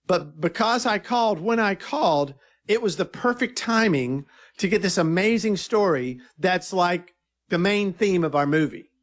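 A man being interviewed about his film, telling stories in a casual, eager way and often quoting what others said. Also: sits high. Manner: animated, eager storyteller who quotes others. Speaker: filmmaker guest.

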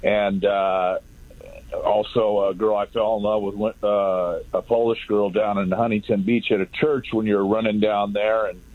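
A man in his fifties from Southern California, calling in to a radio show and telling a long, halting story full of fillers and restarts. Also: fairly low pitch. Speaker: caller. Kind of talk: rambling call-in story. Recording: tinny phone line.

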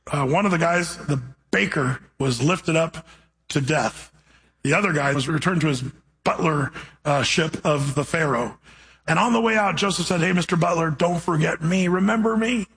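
A man preaching a sermon, reading scripture and then retelling the story with animated, playful asides. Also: fairly high pitch, low-quality recording.

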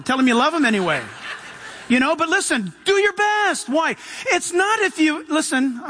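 A man's voice: extremely high pitch, pushed and bright. A man preaching a sermon, emphatic and punchy, who keeps saying "listen" and acts out voices as he preaches. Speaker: pastor.

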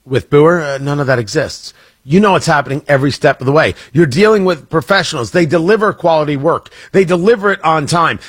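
Radio host guy, husky voice, fired up and repeating himself, slightly high. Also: dry recording. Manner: energetic, emphatic, repetitive. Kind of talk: live radio ad read and commentary.

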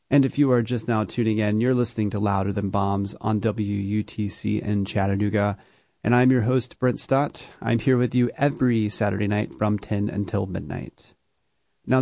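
A man hosting a music radio show, back-announcing songs in a relaxed way with many "uh" fillers, speaking into a studio microphone. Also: fairly low pitch, vocal fry, dry recording. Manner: relaxed, with frequent "uh" fillers and self-deprecating asides. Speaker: radio host.

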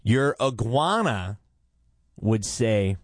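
A man's voice: on the low side, expressive, very slow, no echo, clean studio sound. A man hosting a morning radio show in casual, playful chat, rambling and poking fun at himself. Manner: playful, rambling, self-mocking.

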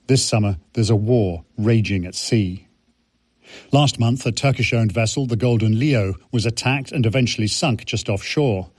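A man delivering a scripted radio report from abroad in a measured, somber way. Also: mid-range voice, darkish tone, no echo, clean studio sound. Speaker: foreign correspondent.

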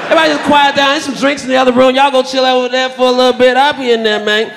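Fast, high deadpan stand-up man. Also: creaky, noisy background. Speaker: stand-up comedian. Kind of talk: stand-up set.

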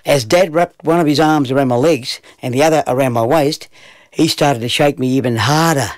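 A man's voice: medium pitch, normal speed, no room sound. A man telling a playful children's story. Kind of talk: storytelling narration.

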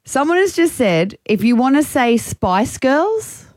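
Lively, teasing woman on radio. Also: sits high, unhurried, no room sound. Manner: giggly, teasing, plays with accents. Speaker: radio breakfast co-host. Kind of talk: playful on-air banter. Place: radio studio. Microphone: studio microphone.

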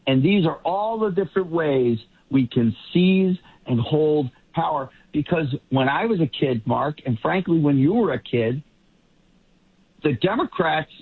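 A man commenting on politics in a casual panel talk, rambling with quick asides. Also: on the high side, husky. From Boston area. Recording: tinny phone-like line.

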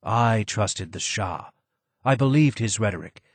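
A man voicing a broken, disfigured former advisor who speaks low, hoarse and slow, sounding more sad than angry. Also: lively intonation, no echo.

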